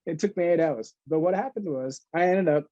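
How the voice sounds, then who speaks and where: Animated storytelling man, dark muffled tone. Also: on the high side, fairly quick, no room sound. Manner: animated storyteller who laughs often and acts out quotes. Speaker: entrepreneur guest. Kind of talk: casual podcast interview storytelling.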